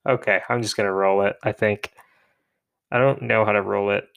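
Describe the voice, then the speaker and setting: A man's voice: lowish voice, fairly even intonation, normal speed, gravelly, smooth, narrow, tinny audio. A young man, a podcast co-host, chatting alone in a rambling, self-mocking way. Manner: rambling, self-deprecating, laughs at himself. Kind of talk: rambling solo podcast chat.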